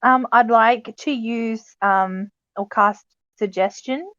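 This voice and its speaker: Woman player, slow and rambling, dull dry audio. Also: on the high side, fairly bright tone, no echo. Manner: hesitant, rambling with fillers. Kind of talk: tabletop game play.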